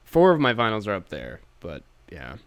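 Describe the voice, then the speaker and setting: A man's voice: fairly low pitch, huge pitch swings, normal speed, clear, resonant tone, no room sound. A man hosting a podcast in casual chat, chatty and self-deprecating, laughing often. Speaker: podcast host.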